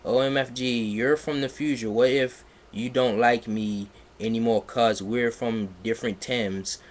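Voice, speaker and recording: Whiny emo teen boy, melodramatic, read out by a man, slow delivery. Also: medium pitch, fairly even intonation, natural voice. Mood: anxious.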